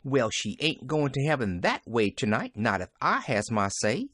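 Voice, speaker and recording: A man voicing a flustered, excitable young woman servant who exclaims in rustic country speech. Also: mid-range voice, normal speed, no room sound, studio quality.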